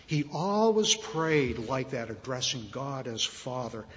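A man preaching a sermon, slow and earnest, rising louder on key phrases and dropping soft at the ends. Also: mid-range voice, sing-song. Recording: muffled reverberant hall.

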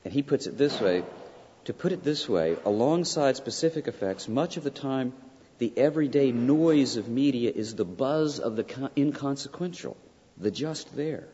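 A man lecturing as a college professor, emphatic and often checking in with his listeners with a quick "right?". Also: medium pitch, expressive, warm tone, slight background noise. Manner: emphatic, peppered with "right?" asides. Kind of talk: classroom lecture. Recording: dull lo-fi sound with long hall reverb.

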